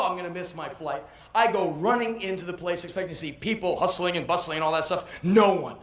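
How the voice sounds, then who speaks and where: A man in his thirties performing a comedic spoken word monologue on stage, breathless and swinging from deadpan to yelling. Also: sits high, brisk, some chatter behind. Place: live stage. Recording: echoey live venue on old VHS.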